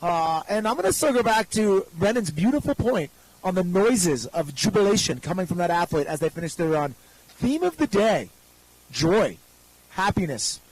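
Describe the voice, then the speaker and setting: An upbeat male announcer calling a live freeride ski contest with quick, joking play-by-play. His voice sits high for a man. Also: big pitch swings, darkish tone, low-quality recording. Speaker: event announcer.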